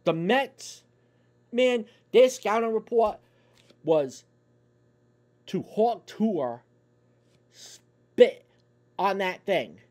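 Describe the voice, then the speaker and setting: Angry, foul-mouthed fan ranting. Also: male voice, high-pitched, animated, extremely slow, long pauses, a little mellow. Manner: angry, profane, swearing constantly. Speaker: YouTube sports fan ranter. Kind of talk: profane sports fan rant.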